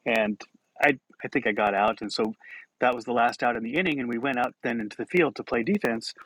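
Brief: male podcast host, chuckling storyteller, average pitch, dry close sound. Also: a little fast, a bit bright, no echo, poor audio. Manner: self-deprecating, chuckling as he tells it. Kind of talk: casual personal storytelling.

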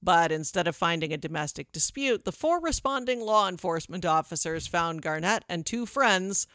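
A woman hosting a podcast, telling offbeat news stories with wry, deadpan humor. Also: on the low side, moderate pace, dry recording, studio quality. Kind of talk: casual podcast chat.

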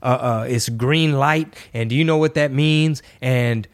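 A man from Texas hosting a podcast, telling stories in a casual, slangy and animated way. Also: mid-range voice, unhurried. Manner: animated, slangy, acts out quoted voices. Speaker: podcast host and rapper. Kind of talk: casual storytelling.

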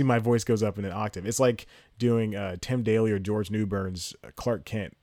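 A man talks alone into his podcast mic at home, rambling loosely and poking fun at himself. His voice sits low, and the sound is close and dry, with almost no room around it. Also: steady tone, normal speed, darkish tone, no room sound. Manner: rambling, self-mocking, laughs at own jokes; jumps into high-pitched impressions mid-story. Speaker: podcast host. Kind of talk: solo casual podcast chat. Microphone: home podcast mic, solo at laptop.

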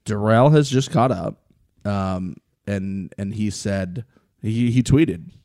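Speaking slowly in a lowish voice, a man hosts a casual podcast, animatedly recapping events and acting out what people said.

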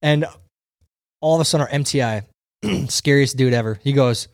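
A man's voice: mid-range voice, normal speed, no room sound, studio quality. A young man hosting a podcast, casually telling a funny story and laughing often. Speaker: podcast host.

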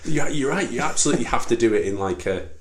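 A man's voice: medium pitch, lively intonation, fast talker, roomy sound, background noise. A man co-hosting a casual podcast chat, talking in a chatty way, laughing often and restarting his sentences. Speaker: podcast co-host.

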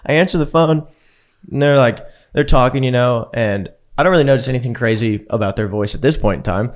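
A man co-hosting a casual podcast, telling a story in a profane, animated way and laughing often. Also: medium pitch, fairly quick. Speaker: podcast co-host.

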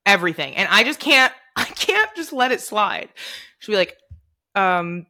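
A woman in her twenties co-hosting a podcast in casual chat, animated and laughing often as she jumps in with stories. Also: medium pitch, unhurried. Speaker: podcast co-host.

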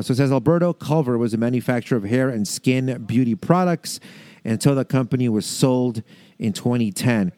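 A man's voice: medium pitch, dark tone, dry recording. Guy from the south chatting loose on a podcast, lots of ums and laughs, dry close sound. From American South. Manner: laughing, rambling, reads excerpts aloud. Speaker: podcast co-host. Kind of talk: casual chat.

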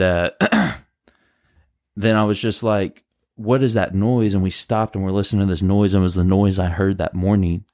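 A man co-hosting a podcast, casually telling a ghost story in a rambling, animated way, full of "like" and "bro". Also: lowish voice, no echo, clean studio sound. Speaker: podcast co-host.

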